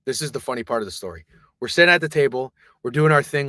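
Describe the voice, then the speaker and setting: A man streaming live, telling a long rambling story in casual, profane, animated talk. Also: medium pitch, fast talker, no echo, clean studio sound.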